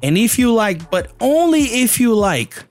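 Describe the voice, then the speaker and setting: A man's voice: high voice, sing-song, unhurried, a little mellow. A man teaching a casual English lesson, talking straight to the listener with lots of rhetorical questions.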